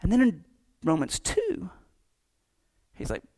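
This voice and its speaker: A man preaching a casual, joking sermon, acting out quick voices as he talks. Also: a little high, animated. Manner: conversational, joking, acts out voices. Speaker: pastor.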